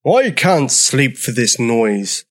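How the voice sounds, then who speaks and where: A man's voice: mid-range voice, very animated, slow pace, a bit bright, exaggerated voice. A man voicing a grumpy old male triceratops who grumbles and snorts in a storybook reading. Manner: grumbling, gruff. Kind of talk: storybook character voice.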